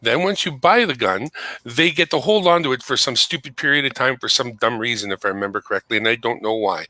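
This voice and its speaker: Bright-voiced man chatting casually. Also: medium pitch, no echo, poor audio. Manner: chatty, explains at length. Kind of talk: casual chat. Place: home computer setup.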